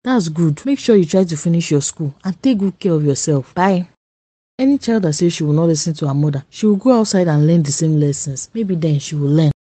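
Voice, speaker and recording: Cartoon role: woman voicing a firm Nigerian mom, lowish, very mellow, dry sound. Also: animated, brisk. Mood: stern. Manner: firm and admonishing. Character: stern, caring middle-aged mother. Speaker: voice actor. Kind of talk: cartoon voice acting.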